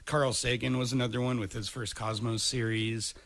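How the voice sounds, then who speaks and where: A man's voice: medium pitch, little pitch movement, moderate pace, fairly bright tone. A man hosting a podcast in casual chat, rambling and opinionated. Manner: rambling, opinionated, laughs easily. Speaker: podcast host.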